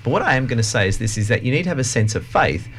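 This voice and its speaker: You're a podcast co-host who loves a story, so swing your pitch freely and punch the key words. Keep it casual and emphatic, with a faint hiss of room noise behind you. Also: male voice, rapid-fire. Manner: animated storyteller, upbeat and emphatic. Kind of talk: casual motivational chat.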